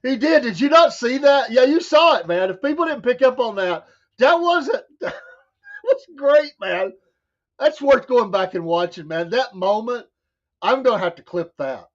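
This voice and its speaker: A man's voice: very high voice, expressive, moderate pace. Laughing Southern man telling stories. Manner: laughing storyteller, quoting others in voices. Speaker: show co-host. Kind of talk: casual chat. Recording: dull lo-fi sound.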